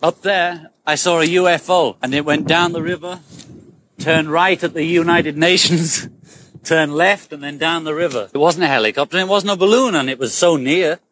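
A man in an archival interview clip, recalling a sighting in an animated way, chuckling. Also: fairly high pitch, moderate pace.

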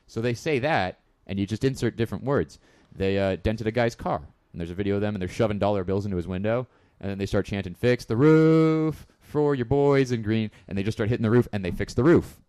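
Young man, podcast co-host, rapid talker, crisp voice, excited storytelling. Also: lowish voice, dry recording. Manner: excited storyteller, singing chants. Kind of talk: casual chat.

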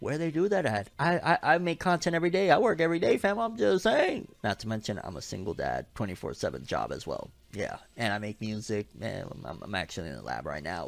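A young man hosting a casual anime and manga news vlog, animated and slangy with joking asides. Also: mid-range voice, a little fast, creaky, hardly any pauses, dry recording.

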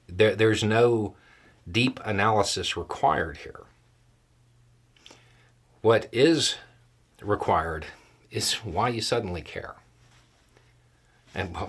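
A man's voice: fairly low pitch, a bit bright, slightly rough. A man hosting a solo political commentary show, talking in a conversational, dry way with emphatic stresses.

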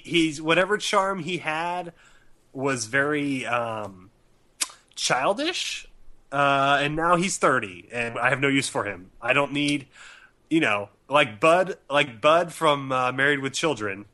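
Sarcastic halting man reviewing a film. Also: mid-range voice, animated, sharp tone. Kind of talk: casual podcast film review.

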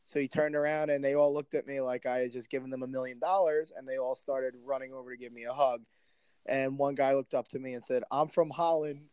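A man co-hosting a casual podcast with a smooth, resonant voice. He tells loose, jokey stories packed with fillers and restarts. The sound is dry and close. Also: mid-range voice, level tone, fast talker, a little mellow, dry recording. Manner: laid-back, jokey storytelling with fillers. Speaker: podcast co-host. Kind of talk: casual chat.

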